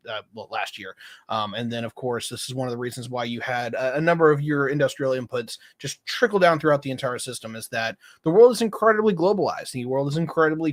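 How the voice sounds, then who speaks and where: A man's voice: mid-range voice, no room sound, clean studio sound. A man on a casual live stream, talking at length to explain world events. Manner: explanatory, talks through current events at length.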